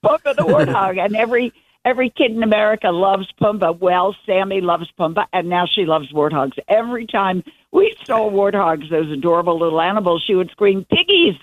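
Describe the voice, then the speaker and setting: An older guest journalist speaks briskly in a mid-range voice during a casual interview by phone. Her storytelling is enthusiastic and meandering, and the recording is dry and tinny.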